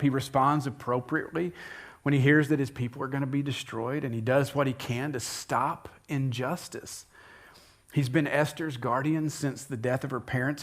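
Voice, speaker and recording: A male pastor preaching a sermon, retelling a Bible story in an animated way and jumping up high when he voices the characters. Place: church sanctuary.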